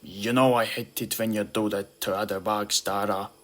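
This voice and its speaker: A man doing a loud, bullying giant beetle. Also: fairly low pitch, steady tone, moderate pace, natural voice. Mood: scornful. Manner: loud, mocking, yelling. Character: huge bullying young male Hercules beetle.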